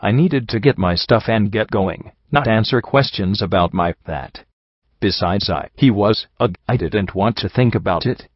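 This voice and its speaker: A man's voice: on the low side, moderate pace, dry recording. A man reading a story aloud in first-person narration, plainly and evenly. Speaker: audiobook narrator. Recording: dry, slightly muffled lo-fi recording.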